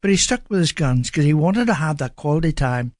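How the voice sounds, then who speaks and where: A man's voice: fairly high pitch, expressive, a little fast, a little mellow, no echo, studio quality. A man with an Irish accent, a guest on a radio show, telling a story with lots of "you know" fillers. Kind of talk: radio studio interview.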